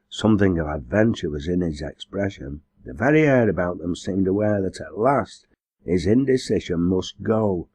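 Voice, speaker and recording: A man narrating a novel in measured, even storytelling. His voice is deep and low. The recording is close and dry, with no room sound. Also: no echo. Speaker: audiobook narrator. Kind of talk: scripted narration.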